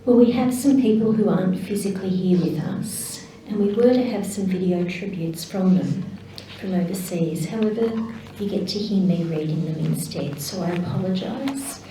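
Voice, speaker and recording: A woman with an Australian accent, slowly reading tributes as celebrant at a memorial service. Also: mid-range voice, warm tone, slight background noise. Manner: slow, measured reading. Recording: very echoey hall, voice from a distance.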